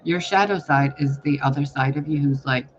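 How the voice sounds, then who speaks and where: Male spiritual reader, rambling and foul-mouthed, slightly high voice, faint hiss behind. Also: moderate pace. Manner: rambling, profane, animated storytelling. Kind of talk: casual spiritual reading monologue. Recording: dull lo-fi recording.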